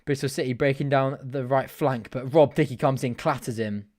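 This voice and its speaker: A man hosting a live football watch-along, mixing casual match commentary with chatty, excitable asides and frequent laughs. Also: medium pitch, normal speed. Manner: chatty and excitable, laughs often, thanks viewers mid-commentary.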